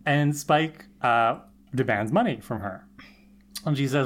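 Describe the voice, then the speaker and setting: A man's voice: on the high side, unhurried. A man co-hosting a podcast, recapping a TV episode in casual chat, acting out the characters' lines and chuckling as he goes. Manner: animated retelling with quoted lines and chuckles. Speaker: podcast co-host.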